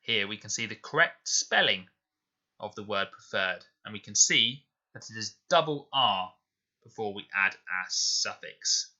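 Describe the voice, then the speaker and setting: A man teaching a recorded spelling lesson to children, explaining slowly and clearly and repeating words with care. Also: fairly low pitch, lively intonation, bright, forceful tone, highs cut off. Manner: slow, clear, deliberate explanations. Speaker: primary school teacher. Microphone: voice-over to slides.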